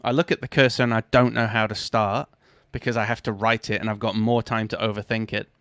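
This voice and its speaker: A man's voice: fairly low pitch, flat delivery, fairly quick, a bit bright, no room sound, clean studio sound. A man hosting a live stream, talking casually and upbeat, often correcting himself as he goes. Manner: chatty, self-correcting, upbeat.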